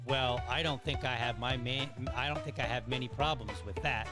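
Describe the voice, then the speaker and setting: A man's voice: medium pitch, fairly even intonation, moderate pace, hardly any pauses, loud music behind the voice. A man hosting a casual commentary podcast, talking in a sarcastic, wry way with chatty asides to his listeners. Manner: talkative, conversational asides. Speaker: podcast host.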